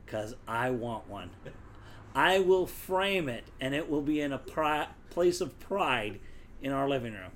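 Brief: rambling joker man at the game table, average pitch. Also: lively intonation, measured pace, fairly bright tone, slight background noise. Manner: joking, rambling. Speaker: player. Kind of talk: casual banter at a game table.

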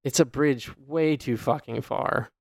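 A man's voice: medium pitch, unhurried, creaky, slightly rough, no echo. A man co-hosting a podcast, chatting casually with wry, rambling jokes and the odd swear. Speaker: podcast co-host. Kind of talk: casual chat.

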